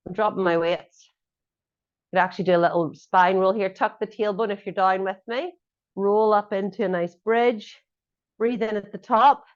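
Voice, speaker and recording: A woman fitness instructor coaching a workout class, giving encouraging cues and joking asides. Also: mid-range voice. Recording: dull lo-fi audio.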